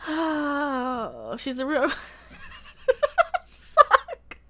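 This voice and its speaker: A woman hosting a casual live reaction stream, sarcastic, laughing often and bursting into loud exclamations. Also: on the high side, animated, normal speed. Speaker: livestream host reacting to a trailer.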